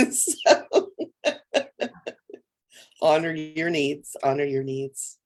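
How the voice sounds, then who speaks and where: Low-voiced woman co-hosting a spiritual livestream. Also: extremely slow. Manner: relaxed, rambling and playful, with soft laughs. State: tired. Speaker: co-host. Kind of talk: casual spiritual chat on a livestream.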